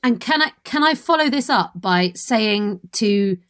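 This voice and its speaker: A woman's voice: on the high side, lively intonation, a little slow, clean tone. A woman player in a tabletop game, asking eager, playful questions. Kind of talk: casual chat.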